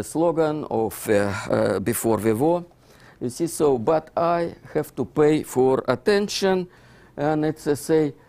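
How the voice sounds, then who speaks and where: Older male author, thick Russian accent, rambling lecture with "you see" fillers, slightly high voice. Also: darkish tone. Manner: broken English with many fillers and "you see, so". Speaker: author giving a book talk. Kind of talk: lecture presentation.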